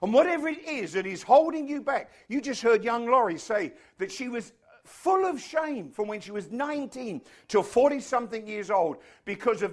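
A male preacher delivers a sermon in a high, lively voice. His pitch leaps and falls as he presses each point. He is emphatic and picks up speed when he slips into a story. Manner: animated, emphatic, quickens into anecdotes.

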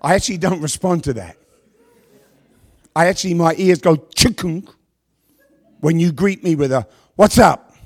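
A middle-aged man preaching a sermon to a congregation on a handheld microphone, with a worn voice, asking rhetorical questions and pausing for effect. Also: a little high. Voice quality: voice worn from past yelling. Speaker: pastor.

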